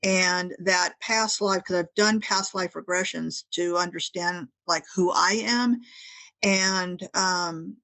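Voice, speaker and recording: A woman's voice: fairly low pitch, takes it slowly. A middle-aged woman, a guest author on a paranormal podcast, telling a personal story in casual conversation and acting out the dialogue of others. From Northern California. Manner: animated storytelling, quoting others in dialogue, frequent restarts.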